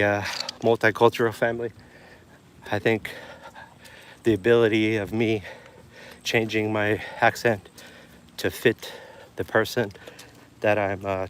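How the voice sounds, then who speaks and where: A man talks to his camera outdoors on a trail, rambling and reflective, with plenty of fillers. His voice sits low and stays fairly flat, and his pace is slow and unhurried. Faint outdoor noise runs under his voice. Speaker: vlogger. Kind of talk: casual vlog while out running.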